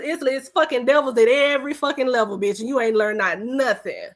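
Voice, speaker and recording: A woman hosts a podcast, tearing into someone in a heated reaction rant. Her voice sits a little high, and she speaks bluntly, with heavy profanity and a scolding edge. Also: brisk. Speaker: podcast host.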